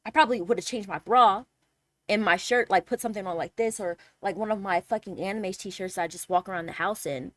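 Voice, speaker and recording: A young woman streamer telling a casual story with animated, exasperated energy and lots of swearing. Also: mid-range voice, fairly quick, no room sound.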